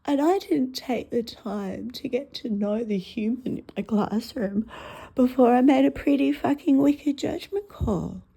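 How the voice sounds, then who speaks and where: A middle-aged woman with an Australian accent does stand-up, telling rambling stories and swearing freely, swinging between loud outbursts and murmured asides. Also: a little high, unhurried, gravelly, slightly rough. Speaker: stand-up comic. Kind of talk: stand-up storytelling.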